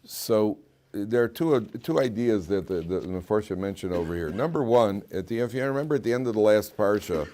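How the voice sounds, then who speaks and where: His voice is fairly low and mellow, with lively intonation and a fairly quick pace. The rabbi gives his weekly Torah class as an informal, joking, conversational lecture, often repeating and restarting what he says.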